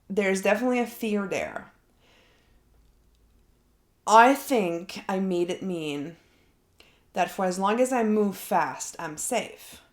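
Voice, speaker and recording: A woman's voice: medium pitch, reverberant. A woman coach talking herself through an unscripted coaching session, reflective and thinking aloud. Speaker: life coach. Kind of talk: unscripted self-coaching monologue.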